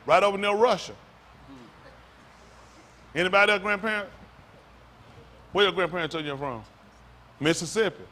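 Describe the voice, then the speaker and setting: High, bright-voiced preacher man. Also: normal speed, long pauses, slight background noise. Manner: loud, rhetorical, questions the congregation. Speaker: pastor. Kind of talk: sermon with audience back-and-forth. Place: congregation hall.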